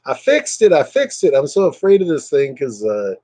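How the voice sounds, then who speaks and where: A man's voice: a little high, wildly swooping pitch, moderate pace, mellow, no room sound, poor audio. A man chatting casually with live viewers over a webcam at home, joking and sarcastic, rambling from topic to topic. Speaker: live streamer.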